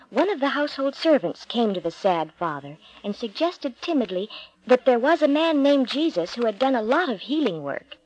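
A woman narrating a Bible storybook in a slow, expressive, deliberate reading. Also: medium pitch, muffled recording, a little hiss or hum.

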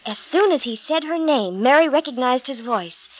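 A woman reading a storybook aloud. Her voice sits a bit high, and her reading is clear and expressive. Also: normal speed, poor audio. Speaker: narrator.

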